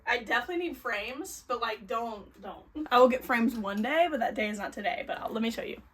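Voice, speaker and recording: A young woman, chatting on a home book vlog in a gushing, excitable way, gasping and squealing. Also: on the high side, a little fast, slightly rough, distant mic. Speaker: book vlogger. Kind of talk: casual vlog chat.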